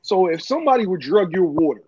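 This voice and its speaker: A man's voice: high voice, big pitch swings, quick pace, mellow, husky, dry recording. A man arguing heatedly on a podcast panel, stuttering and swearing as he makes his points. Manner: agitated, stuttering, profane. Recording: dull lo-fi audio.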